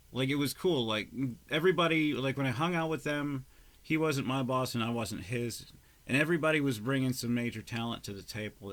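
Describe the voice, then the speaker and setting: A man vlogging in a loose, rambling way, swearing often and swinging between loud bursts and mumbled, half-whispered asides. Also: on the low side, vocal fry. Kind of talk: casual rambling vlog talk.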